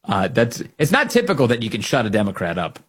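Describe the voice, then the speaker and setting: A man's voice: medium pitch, huge pitch swings, quick pace, a bit bright, breathy edge. A man hosting a political commentary show, talking in a mocking, sarcastic monologue.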